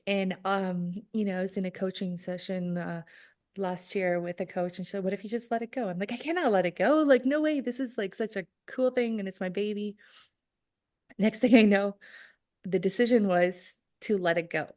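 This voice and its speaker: A woman guesting on a podcast, talking in a bubbly, gushing and enthusiastic way about her work. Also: medium pitch. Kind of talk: casual interview chat.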